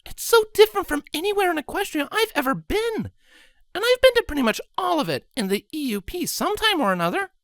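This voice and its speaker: A man voicing an excited young mare who squeals and gushes in a high voice. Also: fast talker, no echo, studio quality, full character voice. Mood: gushing.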